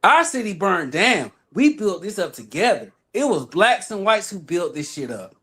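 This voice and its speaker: A man's voice: sits high, big pitch swings, normal speed, bright, forceful tone. A man from Atlanta with an Atlanta Southern accent, ranting emphatically and profanely on a livestream, often repeating himself. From Atlanta, Georgia. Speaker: livestream guest. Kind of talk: heated livestream rant.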